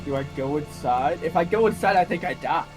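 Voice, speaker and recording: Slangy chill dude at the game table, kinda high voice, music going. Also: male voice, expressive, brisk, rough recording. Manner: laid-back, slangy. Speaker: player. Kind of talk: casual tabletop play.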